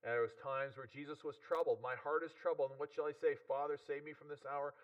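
High-voiced man preaching a sermon. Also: steady tone, a little fast, lo-fi sound. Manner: earnest, with frequent repetitions and "right?" check-ins.

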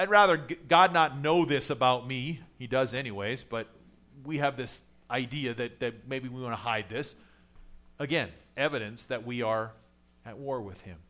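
A male pastor preaching a sermon in a conversational way, building to emphatic points and then dropping low and quiet.

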